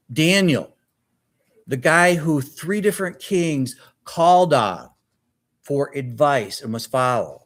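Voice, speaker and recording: A male pastor preaching a sermon in a church, telling the story with animated acted-out dialogue. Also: on the high side.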